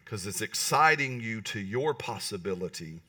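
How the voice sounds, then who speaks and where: A man preaching a lively sermon in church, often asking the congregation "right?" and pausing for answers. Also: fairly low pitch, far from the mic. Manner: animated, talks to the congregation with calls like "right?". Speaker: pastor. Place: church hall.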